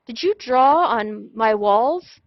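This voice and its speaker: A woman voicing an excitable male museum director in a children's storybook read-aloud, speaking emphatically. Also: a little high, slow pace, no echo, highs cut off. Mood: lively.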